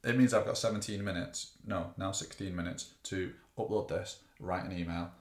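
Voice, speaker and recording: A man's voice: sits low, steady tone, moderate pace, reverberant. A man co-hosting a fitness podcast in casual, rambling banter. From England. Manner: rambling, self-interrupting banter. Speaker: podcast co-host. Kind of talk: casual chat.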